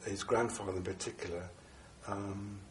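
A very low-voiced man, audibly stuffed up with a cold, gives a dharma talk to a small group. He speaks haltingly, circling back with fillers and restarts. The echoey room has a faint hum of ambience behind him. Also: fairly even intonation. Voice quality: bunged up, nasal. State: congested from a cold. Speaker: Buddhist teacher giving a talk.

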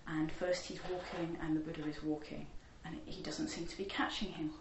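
Woman teacher, animated storyteller, lots of ums, in a roomy hall. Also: sits low, fairly quick, muffled recording, noisy background. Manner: animated, laughing, many fillers, acts out voices. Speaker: Buddhist teacher. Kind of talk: storytelling dharma talk.

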